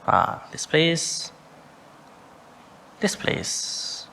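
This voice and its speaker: Slow-spoken monk teaching Pali pronunciation. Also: male voice, pushed and bright, slight background noise. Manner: slow, deliberate, sounds out Pali words and recites them with care. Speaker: Buddhist monk teaching a sutta class. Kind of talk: Pali study lesson.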